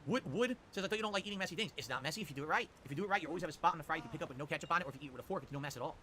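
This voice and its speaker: A man streaming live, answering chat questions with quick, opinionated rants. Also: fairly high pitch, animated, pushed and bright, slight background noise. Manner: rapid, opinionated ranting. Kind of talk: livestream chat reply.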